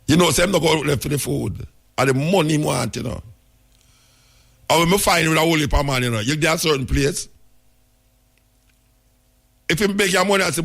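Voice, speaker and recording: A man with a Jamaican accent hosts a talk radio show, telling stories emphatically in patois. His voice is on the high side, brisk, gravelly, and a bit bright.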